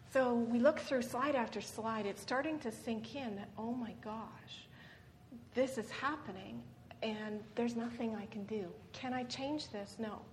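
Earnest woman giving a talk, says um a lot, kinda high voice, echoey hall. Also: darkish tone. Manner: earnest, frequent "um" and "right?". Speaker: guest speaker. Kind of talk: personal story in a seminar talk. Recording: reverberant hall with faint noise.

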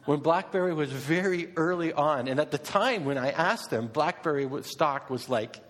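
A middle-aged male preacher with a fairly high voice talks to his congregation in an easy, conversational sermon. He keeps asking questions and repeating himself. His voice rings out in a hall with a long reverb. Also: lively intonation, normal speed, a bit bright.

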